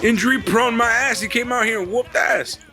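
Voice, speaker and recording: A man co-hosting a casual wrestling recap, excitable and profane, full of slang. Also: very high-pitched, a little fast, over music. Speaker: podcast co-host.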